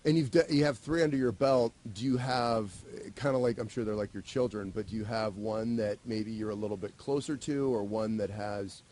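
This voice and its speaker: A male radio interviewer asking casual questions, halting and restarting as he goes. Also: fairly low pitch, a little mellow.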